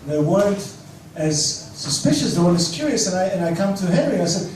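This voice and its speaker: A man in his thirties from Australia, telling a live story in a self-mocking, lively way. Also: high-pitched, fast. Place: cafe stage. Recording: echoey room, distant mic, faint noise.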